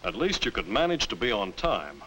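A man's voice: lowish voice, very animated, moderate pace, pushed and bright, a little hiss or hum, low-quality recording. An actor playing a stern middle-aged father scolding his son at the dinner table in a 1950s educational film.

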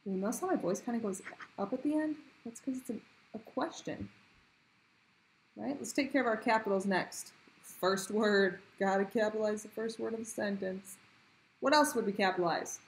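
A woman teacher talking pupils through a grammar worksheet in a clear, patient question-and-answer way. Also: medium pitch, lively intonation, moderate pace, poor audio. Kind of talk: recorded grammar lesson for pupils.

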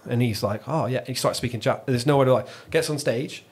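A man with an English accent hosts a casual podcast and tells a story in an animated way. He swears freely and keeps checking in with "right?". His voice sits at an ordinary middle pitch. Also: fairly quick, hardly any pauses. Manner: swearing, animated anecdote telling. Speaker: podcast host. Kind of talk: casual chat.

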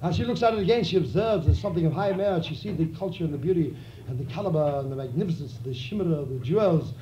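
A man's voice: on the high side, lively intonation, quick pace, background noise. A man performing a comic story onstage in theatrical, florid hipster slang. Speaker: comedian, monologist. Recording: roomy muffled live club recording with audience.

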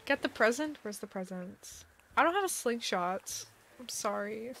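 A woman's voice: on the high side, lively intonation, slow pace, gravelly, a bit bright, a little hiss or hum. A young woman streamer chatting casually to her live chat, laughing often and filling her talk with "like". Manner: giggly, chatty, lots of "like" fillers.

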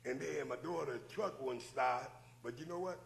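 A man's voice: medium pitch, normal speed, vocal fry, a little hiss or hum, poor audio. A man preaching to a church congregation, exhorting them with rhetorical questions and repeated phrases. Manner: preacherly, repeats "but you know what?" and rhetorical questions. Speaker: church minister.

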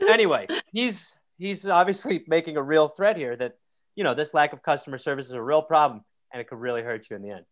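Animated comedy podcast host. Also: male voice, on the high side, fairly quick. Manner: reads letters aloud in mock voices.

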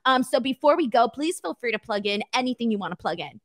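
A woman's voice: a little high, expressive, fast talker. A woman hosting an interview, agreeing readily and working through numbered questions in a casual chat.

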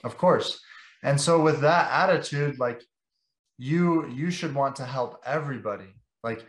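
Young man, mid-pitched voice, passionate and rambling, casual podcast guest, echoey room. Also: moderate pace. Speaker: guest, sales director.

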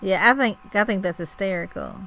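A woman co-hosting a podcast in casual chat, laughing often and answering with quick agreement. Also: medium pitch, expressive, creaky, a bit bright, low-quality recording. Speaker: podcast co-host.

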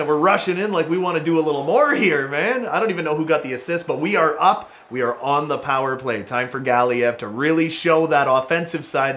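A man giving lively, excitable gameplay commentary as a gaming channel host, trash-talking players and laughing often. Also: fairly high pitch. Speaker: gaming YouTuber.

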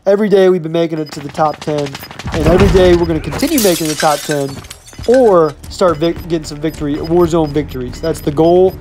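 A man's voice: on the high side, brisk, background noise. Hyped-up young man gaming commentary. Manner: upbeat hype talk, keeps saying "you know what I'm saying". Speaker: gaming YouTuber. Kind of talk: casual gameplay commentary.

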